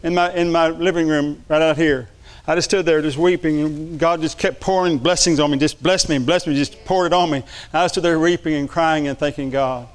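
A man's voice: fairly high pitch, steady tone, fairly quick, few pauses, smooth. A middle-aged man preaching a sermon, fervent and repetitive. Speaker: pastor.

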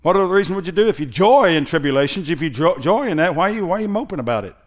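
A man preaching a sermon in a conversational way that builds into loud, emphatic preaching, often using a sarcastic tone. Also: fairly high pitch, lively intonation. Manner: reads scripture in a slow, mocking sarcastic tone. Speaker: pastor.

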